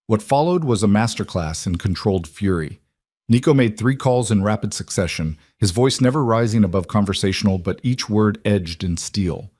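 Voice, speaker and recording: A man narrating a scripted romance story in a measured, dramatic way. His voice sits on the low side, and the sound is dry and close. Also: a little mellow, no room sound.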